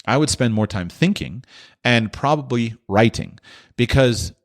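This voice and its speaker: A man's voice: medium pitch, expressive, measured pace. A man hosting a podcast, answering listener questions in a thoughtful, explanatory way with frequent restarts. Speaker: podcast host.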